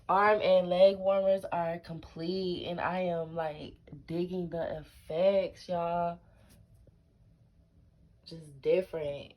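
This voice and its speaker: A woman's voice: lowish voice, steady tone, extremely slow, long pauses, darkish tone. A bubbly young woman chats casually to her viewers, rambling and piling on fillers as she shows off her homemade clothes. Her throat sounds a little scratchy. She is set back from the phone mic, so her voice comes across slightly distant. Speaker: fashion vlogger. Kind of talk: casual DIY fashion vlog.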